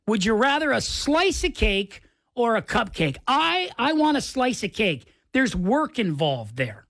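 Chatty radio host, lively delivery. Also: male voice, extremely high pitch, unhurried, dry recording. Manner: chatty, filler-heavy, rambling. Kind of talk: casual radio chat. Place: radio studio.

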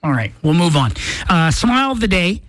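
A male morning-show host rambles in a self-deprecating way, restarting his sentences as he goes. His pitch moves a lot, and the studio mic gives a close, dry sound. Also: very animated, normal speed, fairly bright tone, dry recording. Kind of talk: casual radio chat. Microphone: studio microphone.

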